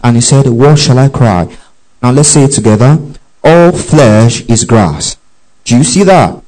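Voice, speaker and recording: Mellow-voiced man preaching, checking in often. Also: mid-range voice, low-quality recording. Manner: keeps checking in with the congregation, repeats verses and calls out "underline that"; reads scripture slowly and deliberately. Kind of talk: sermon with Bible reading.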